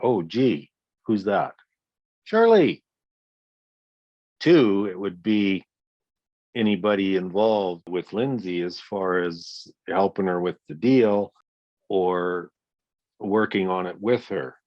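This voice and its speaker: A man's voice: low-pitched, fairly even intonation, slow, no room sound, dull audio. Blunt, profane man in his sixties. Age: 60s. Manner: blunt, profane, emphatic storytelling. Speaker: guest, victim's father. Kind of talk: interview conversation.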